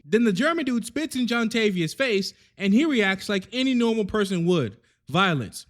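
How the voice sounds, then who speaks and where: A man telling a crude, comedic recap of a show, full of slang and quick character asides. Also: sits high, big pitch swings. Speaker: recap host.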